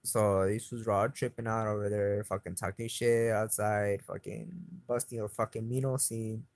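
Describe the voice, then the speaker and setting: A man's voice: fairly low pitch, little pitch movement, moderate pace, gravelly, dry recording. A man telling his story in a rambling, profane way, full of fillers and dropping into Spanish words as he goes. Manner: agitated, keeps retelling his frustration. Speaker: interviewee recounting events. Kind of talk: casual spoken monologue.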